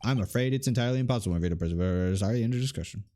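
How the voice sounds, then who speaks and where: A man's voice: lowish voice, very fast, mellow, slight background noise, voice pushed up, natural voice. A man voicing a pompous, evasive older lawyer in a game, with a put-on Southern country drawl. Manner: pompous, drawling, stammering repetition.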